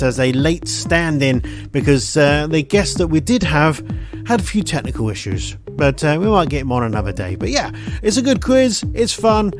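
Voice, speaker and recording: A man opens the podcast in a chatty, playful manner, his voice sitting high and moving in lively swoops. Music plays clearly behind him throughout. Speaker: podcast producer and host. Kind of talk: scripted podcast intro.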